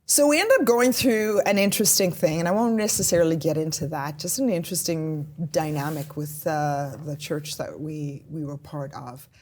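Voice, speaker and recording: Rich: a woman in her forties from South Africa with a slightly low voice. She speaks as a podcast guest and tells her story in a candid, reflective way. She keeps the talk loose with a lot of "yeah"s. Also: normal speed, few pauses, darkish tone. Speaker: guest, police constable. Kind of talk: casual podcast interview.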